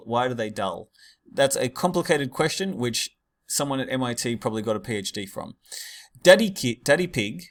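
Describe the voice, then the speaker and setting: A man's voice: mid-range voice, fairly bright tone. A man teaching a class in a casual, digressive lecture full of fillers and asides.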